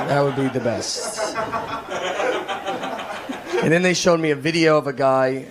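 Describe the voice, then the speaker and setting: A man from Tennessee, doing self-deprecating stand-up comedy in a deadpan way on a stage. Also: on the high side, takes it slowly, long pauses, a loud crowd, very noisy. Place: comedy stage with a live audience. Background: audience laughter.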